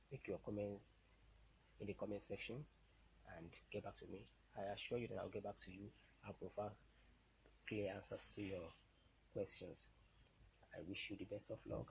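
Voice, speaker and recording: A man teaching an English lesson, slowly modelling words and explaining the rules. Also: fairly low pitch, gravelly, darkish tone, a little hiss or hum, poor audio. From Nigeria. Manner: slow, deliberate word drills and explanations. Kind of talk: recorded online lesson.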